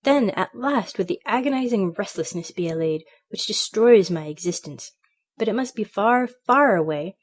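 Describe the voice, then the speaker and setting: A woman's voice: medium pitch, lively intonation, normal speed, close to an everyday voice. Storybook young divinity student, male, restless and longing, read by a woman. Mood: yearning.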